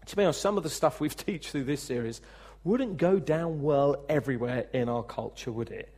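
A man's voice: fairly high pitch, moderate pace. A man preaching a sermon as pastor, talking conversationally, asking the congregation questions, and acting out the speech he quotes. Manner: lively, acts out quoted speech.

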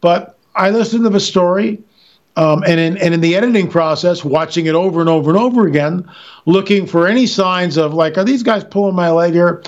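A man's voice: sits high, a little fast. Guy guesting on a radio show, emphatic storytelling, muffled line. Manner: emphatic storytelling, frequent restarts. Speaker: interview guest, filmmaker and author. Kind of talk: animated radio interview talk.

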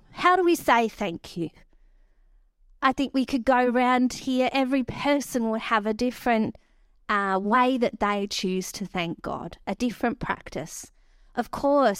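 A woman, preaching a sermon and telling stories with animated quoted voices. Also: a little high, no room sound, studio quality.

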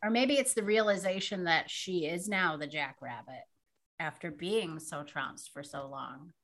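A woman in casual conversation about a movie, chatty and reflective, getting softer as she muses. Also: lowish voice, unhurried.

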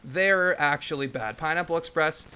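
A young man co-hosts a podcast with irreverent jokes and casual swearing. His voice sits slightly high, with faint noise underneath. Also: moderate pace. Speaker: podcast co-host.

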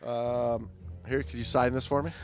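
A man co-hosting a diving podcast in relaxed casual chat, filling pauses with uh. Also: medium pitch, faint music behind. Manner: relaxed, easygoing, fills pauses with uh. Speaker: scuba diving podcast co-host.

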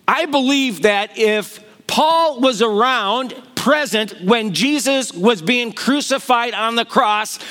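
A man's voice: very high voice, takes it slowly, few pauses, sharp tone. A middle-aged man preaching a sermon, telling the stories with animation and acting out the voices he quotes. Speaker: pastor.

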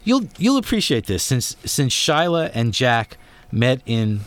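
A man's voice: mid-range voice, very animated, a little slow, a bit bright. A man in his forties hosting an interview, chatty and given to rambling anecdotes. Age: 40s. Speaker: interviewer host. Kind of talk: conversational interview.

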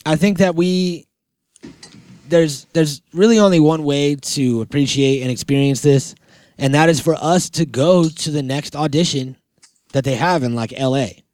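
A man's voice: fairly high pitch, moderate pace, a little mellow, smooth, no echo. A young man co-hosting a casual chat, rambling and swearing as he retells a clip. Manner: rambling, swearing, laughing storyteller. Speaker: co-host.

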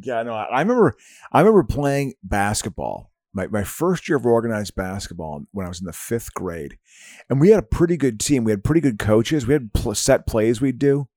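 A man's voice: mid-range voice, sing-song, a little fast, darkish tone, no echo, studio quality. A middle-aged man telling rambling sports stories in a casual chat, with many restarts. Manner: rambling storyteller with frequent restarts.

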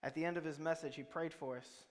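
A man's voice: on the high side, fairly even intonation, fast. A man preaching a sermon, telling stories in a conversational way and quizzing the congregation. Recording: reverberant hall.

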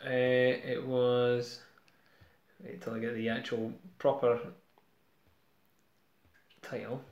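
A man's voice: mid-range voice, little pitch movement, takes it slowly, a little mellow, muffled recording. A man chatting eagerly about comics as a co-host, easygoing and chatty. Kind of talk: casual chat about comics. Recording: roomy echo.

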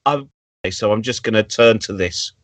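A man's voice: on the low side, normal speed, dry recording. A man hosting a casual chat over a video call from home, rambling and enthusiastic. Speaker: host.

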